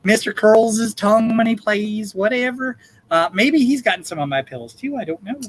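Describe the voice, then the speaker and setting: A man hosting a live charity bingo game, calling numbers in a drawn-out way and joking in between. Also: high-pitched, slight background noise, rough recording. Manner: campy, jokey, drawn-out number calls. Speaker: bingo caller and host.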